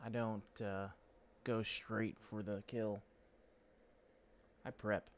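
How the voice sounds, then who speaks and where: A gaming channel host with a voice on the low side casually comments as he plays a video game, chatty, rambling and self-deprecating. He takes it slowly, with little pitch movement.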